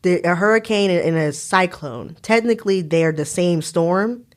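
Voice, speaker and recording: A woman's voice: on the low side, unhurried. A woman with a Southern US accent hosting a podcast, telling stories with lots of acted-out voices and laughter. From United States. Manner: animated storytelling, acts out voices, laughs often. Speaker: podcast host. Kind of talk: casual chat.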